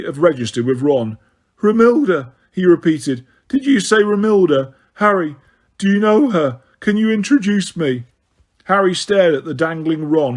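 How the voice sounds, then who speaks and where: A man's voice: fairly high pitch, a little mellow. A man narrating an audiobook, reading expressively with small slips.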